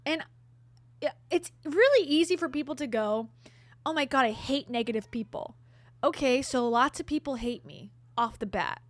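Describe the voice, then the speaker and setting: Woman vlogger, candid and sarcastic, a little high, dry. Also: no room sound. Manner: chatty, candid, with sarcastic asides. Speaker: vlogger host. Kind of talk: casual storytelling to camera.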